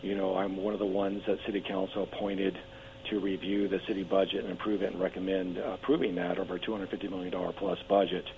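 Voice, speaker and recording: A man running for local office, talking eagerly in a radio interview, hoarse and losing his voice, with frequent restarts and fillers. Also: sits low, level tone, quick pace, a little mellow. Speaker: political candidate guest. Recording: tinny phone line with faint hum.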